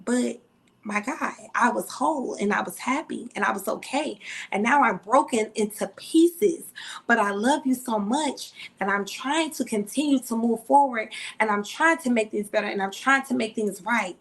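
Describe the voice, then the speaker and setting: A woman's voice: on the high side, normal speed, vocal fry, fairly bright tone. A woman co-hosting a podcast, talking candidly and emphatically about her own experience in casual chat. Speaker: podcast co-host.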